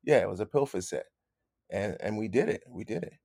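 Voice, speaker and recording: A man telling stories as a guest in a casual interview, animated, repeating his phrases and calling people "man". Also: fairly low pitch, a little fast, gravelly, no room sound, clean studio sound. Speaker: guest musician.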